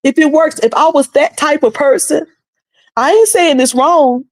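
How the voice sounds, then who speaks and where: A woman's voice: sits high, measured pace, dry recording. A woman hosting a livestream, talking in a colloquial, preachy way and laughing often. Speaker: livestream host. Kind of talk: casual livestream commentary.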